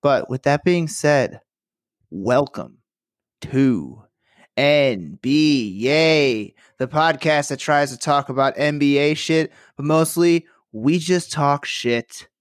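A man's voice: on the high side, lively intonation, takes it slowly, dry recording. Young guy hosting a podcast, jokey, swears a lot, dry sound. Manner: joking, swearing, playful. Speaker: podcast host. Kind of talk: casual podcast chat.

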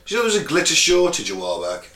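Man, from England, podcast co-host, crude banter, bright, echoey room. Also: on the high side, very animated, racing. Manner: crude, jokey and laughing. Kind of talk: casual banter.

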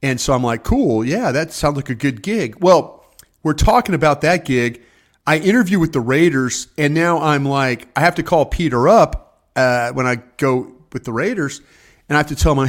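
Older male co-host, chatty storyteller, home office video call, a touch high-pitched. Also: animated, normal speed. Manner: rambling, acts out quotes in voices. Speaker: former scout, co-host. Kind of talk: casual storytelling chat.

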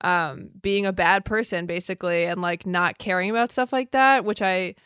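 A young woman hosts a casual chat, speaking earnestly and reflectively with lots of filler words. Her voice is on the low side, fairly bright, clear and resonant, with fairly even intonation at normal speed, recorded at studio quality with no room sound.

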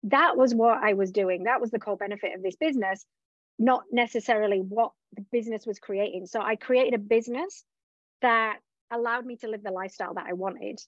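Woman coach guest, candid and reflective, slightly high voice, dry lo-fi recording. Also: brisk, dry recording. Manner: reflective, open, quotes her own thoughts. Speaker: business coach. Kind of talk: candid conversational interview.

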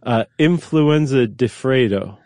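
Man, podcast co-host, middle pitch, dry studio sound, casual explainer. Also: slow, darkish tone, dry recording. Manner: curious, explanatory, frequent fillers. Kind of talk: casual conversational chat.

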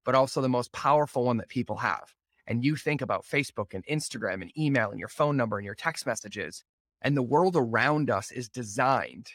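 A man at a middle pitch hosts a solo motivational podcast. He speaks in an earnest, emphatic way and repeats words for weight. The sound is close and dry, with no room around it. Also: a bit bright, no echo. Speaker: podcast host.

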